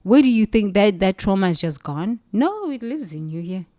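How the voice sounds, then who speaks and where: A woman's voice: medium pitch, big pitch swings, normal speed, mellow. A South African woman giving an intense, emphatic motivational talk, repeating phrases for effect. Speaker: speaker. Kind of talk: forceful motivational monologue.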